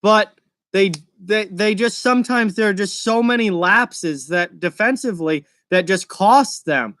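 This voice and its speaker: A man's voice: high voice, unhurried, fairly bright tone, no echo, studio quality. A young man from Massachusetts with a mild Massachusetts accent, hosting a live hockey reaction stream and chatting casually while he answers live chat questions.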